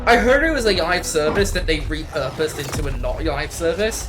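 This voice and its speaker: A man's voice: fairly high pitch, lively intonation, normal speed, background noise. A man with a mixed Canadian and British accent, co-hosting a blunt, sarcastic gaming chat. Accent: mix of Canadian and British. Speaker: co-host.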